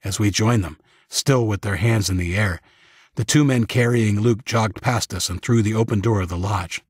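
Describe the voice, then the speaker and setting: A man narrating an audiobook in the first person with measured, scripted storytelling on a close studio mic. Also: on the low side, fairly even intonation, husky, no echo.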